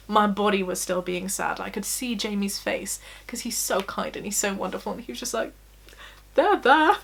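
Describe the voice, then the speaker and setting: A woman's voice: a little high, fairly bright tone. A young woman vlogging candidly from her bedroom, self-deprecating and laughing often as she talks. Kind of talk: personal confessional vlog.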